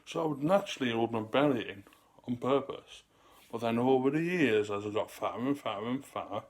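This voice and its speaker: A man, rambling in a loose, chatty way to camera and sometimes getting out of breath. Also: mid-range voice. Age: 30s. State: out of breath at times. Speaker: vlogger. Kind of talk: casual talk to camera.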